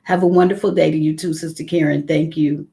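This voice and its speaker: Low gravelly-voiced woman preaching. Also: steady tone, brisk, mellow. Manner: heartfelt, conversational, greets viewers by name. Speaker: ministry leader. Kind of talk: live morning devotional.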